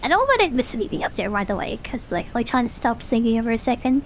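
A woman's voice: a little high, sing-song, quick pace, slight background noise. A young woman streaming a video game, chatting casually and rambling with many fillers. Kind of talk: casual gaming stream chat.

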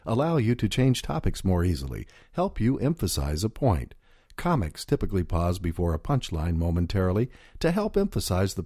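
A man reading a scripted instructional narration in a measured, clear voice, recorded on a close studio mic. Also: low-pitched, warm tone, dry recording.

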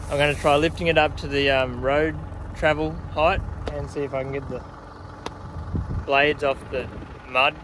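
Man, farm vlogger, matter-of-fact, outdoors, tractor engine noise behind. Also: medium pitch. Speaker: farmer vlogger. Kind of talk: casual narration of farm work. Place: outdoors on a farm near machinery.

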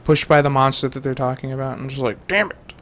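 A man's voice: mid-range voice, flat delivery, fast talker, slight background noise. A young man giving rambling, jokey let's-play commentary to his viewers as a gaming host.

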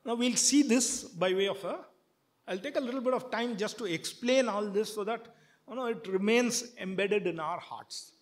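A man giving a sermon, chanting verses and then explaining them at length, often halting with fillers and restarts. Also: high voice. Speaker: preacher.

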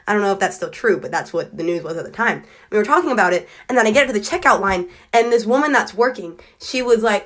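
Chatty woman rattling off a funny story super quick, does the voices of people in it. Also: medium pitch, fairly bright tone. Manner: chatty, quick, acts out quotes. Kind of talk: casual anecdote to camera.

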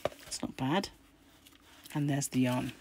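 Croaky middle-aged craft host, deep gravelly voice, chatty and musing. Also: female voice, fairly even intonation, slow pace, dark tone, a little hiss or hum. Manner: chatty, musing aloud while flicking through pages. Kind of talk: casual magazine unboxing chat.

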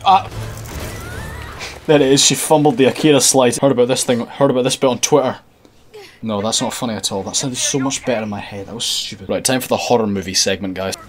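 A man's voice: medium pitch, fast, faint music behind. A young man giving sarcastic, profane let's-play commentary on a video game, laughing often. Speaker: gaming video creator.

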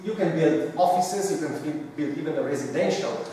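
A man giving an architecture lecture, halting and searching for words with many pauses. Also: fairly high pitch, dark tone, a little hiss or hum. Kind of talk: academic talk with slides. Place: large hall. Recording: echoey hall recorded from far off.

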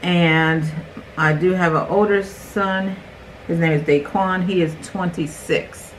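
Taking it slowly with fairly even intonation, a woman in her forties with a voice on the low side talks chattily to her viewers. She's a beauty vlogger doing a makeup tutorial at home, on a low-quality recording with slight background noise.

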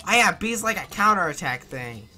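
A man's voice: sits high, sing-song, moderate pace, sharp tone, faint music behind. Young man chatting over gameplay. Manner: chatty, jokey and self-mocking. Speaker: let's player. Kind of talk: casual gameplay commentary.

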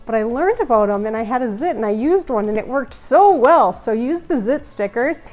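A woman's voice: on the high side, lively intonation, normal speed, darkish tone. A woman hosting a casual houseplant tour vlog at home, chatty, goofy and rambling. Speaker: houseplant channel host.

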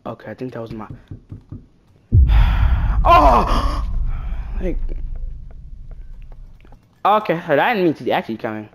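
A woman's voice: deep voice, slow pace, pauses often. A woman giving casual horror-game commentary, jumpy and slangy, yelping at scares and muttering banter to viewers. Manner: animated, jumpy, shrieks at scares then mutters. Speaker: gaming YouTuber.

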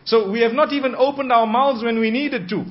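High-voiced man preaching in measured tones. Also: fairly even intonation, highs cut off. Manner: measured, slows for emphasis, acts out quoted spouses softly. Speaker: Islamic preacher. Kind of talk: sermon.

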